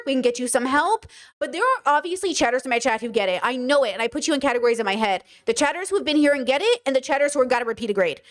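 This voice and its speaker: A young adult woman streaming, reading chat aloud and answering it emphatically, with her voice climbing into loud, passionate stretches. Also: high-pitched. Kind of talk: livestream commentary.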